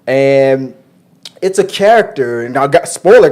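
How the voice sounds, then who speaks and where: A man's voice: medium pitch, expressive, unhurried, darkish tone. A man hosting a casual entertainment-news show with his wife, joking around and often restarting his sentences. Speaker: podcast host.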